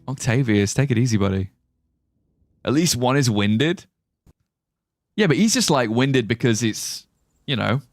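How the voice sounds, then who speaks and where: In a recording with no room sound, a young man's mid-range voice carries casual live-stream commentary on his game. He rambles, cracks jokes, and reads what viewers type in chat.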